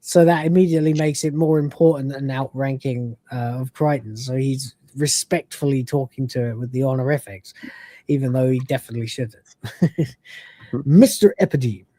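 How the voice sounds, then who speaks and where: A man's voice: mid-range voice, steady tone, a little fast, dark tone, dry recording. A man hosting a casual review podcast, rambling with many fillers and acting out quoted lines. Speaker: podcast host.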